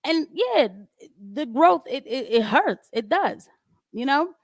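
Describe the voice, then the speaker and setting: A woman's voice: sits high, very animated, slow, no room sound, studio quality. A woman doing casual, emphatic livestream commentary on a home microphone, talking animatedly and laughing often. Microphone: home microphone with audio trouble.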